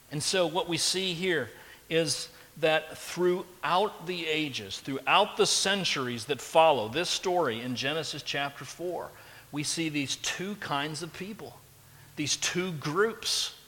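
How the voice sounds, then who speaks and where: A man's voice: a little high, fairly bright tone. A man preaching a sermon, emphatic and pressing his listeners with rhetorical questions. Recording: long hall reverb.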